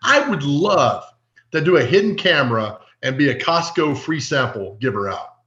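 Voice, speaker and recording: A man on a podcast as a guest, telling animated stories in casual chat and acting out the voices of the people he quotes. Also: mid-range voice, normal speed. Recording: echoey, dull lo-fi.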